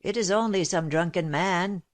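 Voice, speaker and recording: A woman's voice: on the low side, normal speed, dry recording, close to an everyday voice. A woman reading aloud, voicing a coarse, impatient male wagon driver with a thick voice.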